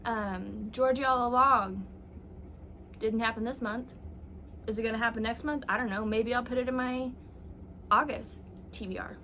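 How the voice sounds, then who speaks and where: A woman's voice: fairly high pitch, bright, forceful tone, a little hiss or hum. A young woman talking casually on camera about her reading, chatty and self-mocking, with plenty of likes and ums. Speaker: booktuber. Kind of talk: casual chat.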